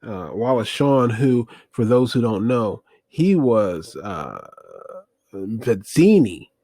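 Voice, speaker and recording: A man's voice: medium pitch, big pitch swings, slow, a little mellow, no room sound. Rambling man recapping a film. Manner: rambling, many fillers, wry asides. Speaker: movie review host.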